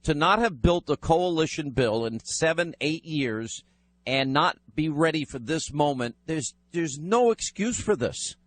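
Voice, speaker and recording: Male talk radio host, firm and fast-moving, a touch higher than most men. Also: expressive.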